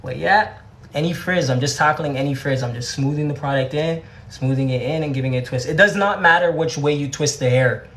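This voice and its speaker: In an echoey room, a young Canadian man with a Canadian accent chats casually through a hair tutorial livestream. His voice is a little high, fairly quick, and a bit bright, and his laid-back, slangy talk often repeats words.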